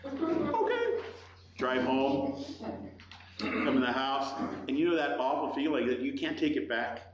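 Animated storytelling male pastor, echoey room. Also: medium pitch, normal speed, lo-fi sound, background noise. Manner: animated storytelling, acts out quoted voices. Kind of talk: sermon with personal story. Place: church hall. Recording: echoey room with faint ambience.

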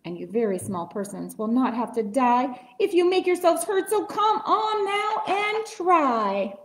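A woman's voice: high-pitched, very animated, a little slow, voice pushed up. A woman voicing a kind, loyal male elephant in a read-aloud storybook, calling out with pleading urgency. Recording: echoey room.

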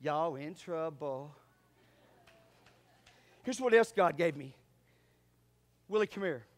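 A man's voice: animated, slow pace. A man preaching a sermon in church, fervent and calling out to his congregation. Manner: fervent preaching that swings from loud exhortation to low asides. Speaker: pastor. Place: church sanctuary.

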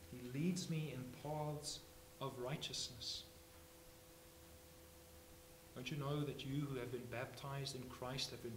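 A man preaching a sermon as pastor, swinging from hushed phrases to loud emphatic ones. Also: medium pitch. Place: church sanctuary. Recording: echoey church, faint hum.

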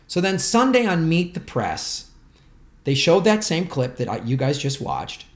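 Male commentary host, sarcastic and fired up, slightly high voice, roomy echo. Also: a little slow. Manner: animated, sarcastic, indignant. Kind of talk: political commentary.

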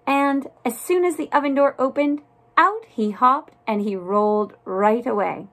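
A woman reading a children's storybook aloud in a soft, deliberate narrating voice. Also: high voice. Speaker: storybook reader.

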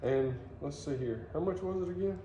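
A man's voice: fairly high pitch, animated, normal speed, warm tone, lo-fi sound. A man, chatting and joking in a casual vlog. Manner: joking, teasing. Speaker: vlogger. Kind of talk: casual chat. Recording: roomy sound with faint noise.

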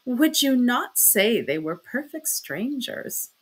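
A woman voicing a coy young woman who spreads gossip in a hushed, insinuating way. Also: on the high side, big pitch swings, takes it slowly, breathy edge, pitched above the performer's own voice, full character voice, rough recording. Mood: sly, hushed.

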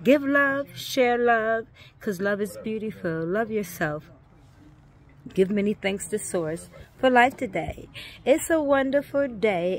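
A woman's voice: fairly high pitch, expressive, takes it slowly. A woman vlogger greeting her viewers in a sing-song way, repeating blessings and affirmations. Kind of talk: casual vlog greeting with spiritual affirmations.

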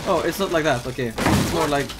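A man playing a horror game and commenting on it, excitable, swearing freely and talking back to the game. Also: fairly high pitch, brisk, music in the background. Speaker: gaming YouTuber.

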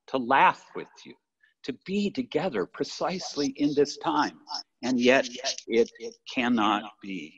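A man's voice: fairly low pitch, husky. Older male pastor preaching in a reverberant church. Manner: conversational, warm asides with "right?". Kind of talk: sermon. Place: church sanctuary. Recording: lo-fi livestream with long church reverb.

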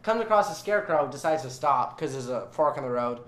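A man's voice: mid-range voice, expressive, fairly quick, fairly bright tone. A tipsy young man sarcastically retelling a story in a rambling, profane way. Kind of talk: drunken comedic retelling. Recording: echoey room.

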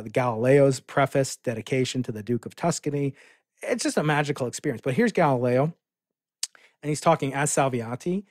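A man's voice: medium pitch, no echo, clean studio sound. A middle-aged man from the United States, a physicist guest telling stories with enthusiasm in a casual podcast conversation. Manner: enthusiastic, storytelling explainer.

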